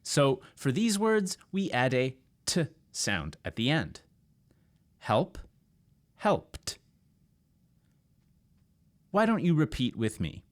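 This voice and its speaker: A man from Canada teaching English pronunciation, drilling words slowly and clearly with repetition. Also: mid-range voice, big pitch swings. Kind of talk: scripted pronunciation lesson.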